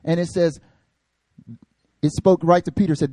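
A man's voice: a little high, moderate pace, no echo, studio quality. A male pastor telling funny stories in a sermon, joking with his congregation. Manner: animated, jokey, talks to the congregation. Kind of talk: comedic sermon storytelling.

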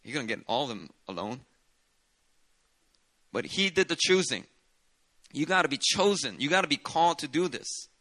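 A man's voice: on the high side, expressive, moderate pace, long pauses, sharp tone. A man preaching a sermon as a pastor, talking in a loose, conversational way with colorful asides. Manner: conversational preaching with dramatic asides and Southern "y'all".

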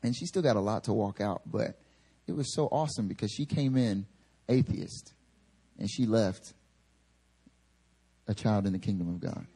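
Male pastor, husky tone, chatty sermon storytelling, lots of acted-out quotes. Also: fairly low pitch, moderate pace, long pauses. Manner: animated storyteller acting out quotes; casual filler-heavy delivery. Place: church service.

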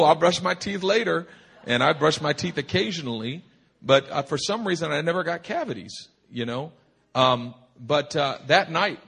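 A man preaching at a church retreat, telling a humorous personal story in an animated, rambling way full of restarts. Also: a little high, gravelly, slightly rough. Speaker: pastor. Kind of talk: sermon storytelling. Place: retreat meeting hall.

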